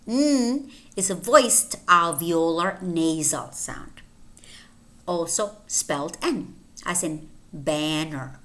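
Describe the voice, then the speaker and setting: A woman teaching English pronunciation, saying each example word slowly and clearly, often twice. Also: medium pitch, animated, fairly bright tone. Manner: slow, deliberate, repeating each word twice. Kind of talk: phonetics lesson with word drills.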